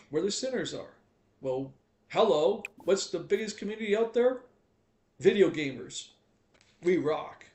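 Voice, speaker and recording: Gravelly, preachy gaming streamer man. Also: fairly high pitch, darkish tone. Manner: chatty, preachy, teasing. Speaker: live streamer. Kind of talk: casual live-stream rant. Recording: echoey room.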